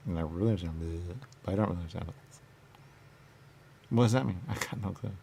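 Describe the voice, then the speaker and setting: A man's voice: low-pitched, fast talker, creaky, warm tone, a little hiss or hum. A man rambling in circles, asking himself questions and answering them, repeating words and dropping into sudden whispers. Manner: circular, repetitive musing with sudden whispers.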